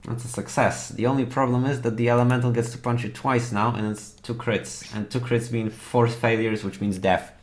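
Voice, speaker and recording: A man narrating as dungeon master for a tabletop game, halting and full of fillers. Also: medium pitch, fairly even intonation.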